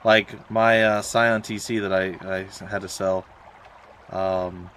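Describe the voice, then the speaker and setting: Young man with a lowish voice, chatty and ranty, streaming gameplay. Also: flat delivery, takes it slowly, fairly bright tone, slight background noise. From Florida, USA. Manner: rambling, ranting asides. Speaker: let's play streamer. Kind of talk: casual gameplay chat.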